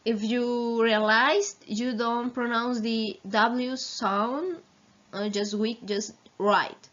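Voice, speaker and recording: Slow, patient woman drilling vocabulary. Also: fairly high pitch, steady tone, fairly bright tone. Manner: slow, repeats each word, gives Spanish translations. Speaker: English teacher. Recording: slightly dull lo-fi recording.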